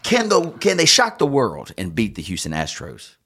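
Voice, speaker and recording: A man's voice: medium pitch, wildly swooping pitch, normal speed, pushed and bright, slightly rough. A man co-hosting a podcast in a casual sports chat, playful and theatrical, asking his partner leading questions. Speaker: podcast co-host.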